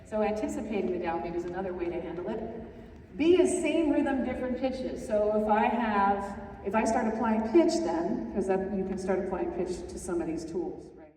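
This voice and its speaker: A woman's voice: mid-range voice, lively intonation, moderate pace, distant mic, noisy background. Woman teaching songwriting in an echoey room. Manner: explains step by step, often checks with "right?"; sings short example phrases. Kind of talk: workshop lecture. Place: classroom.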